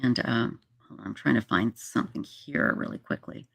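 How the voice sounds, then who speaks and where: A livestream host chatting casually and reading viewer comments aloud, emotional and halting, with many fillers. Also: medium pitch, vocal fry, fairly bright tone, breathy edge, no echo, clean studio sound.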